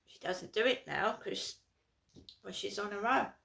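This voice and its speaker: A woman's voice: medium pitch, expressive, unhurried, creaky, fairly bright tone. A woman from London, ranting in an aggrieved, repetitive vlog monologue. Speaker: vlogger. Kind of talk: casual to-camera monologue.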